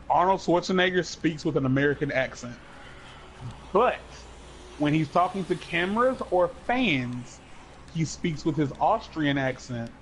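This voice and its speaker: A man in a casual podcast chat, slightly high-voiced, with a faint hum of noise behind him. He rambles and jokes, filling pauses with "like". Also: low-quality recording. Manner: rambling, filler-heavy, jokey. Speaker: podcast co-host.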